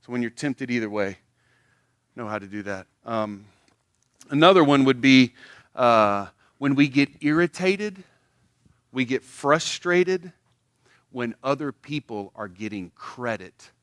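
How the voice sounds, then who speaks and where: In a recording with no echo, a pastor with a fairly low voice delivers a church sermon. His manner is animated, and he stages little everyday skits in which his voice leaps upward.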